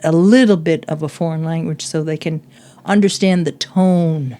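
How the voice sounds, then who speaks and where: A woman's voice: sits low, fairly even intonation, moderate pace, warm tone. Chatty older woman discussing a book. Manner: chatty, laughs often, quotes lines in other voices. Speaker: guest, host's mother.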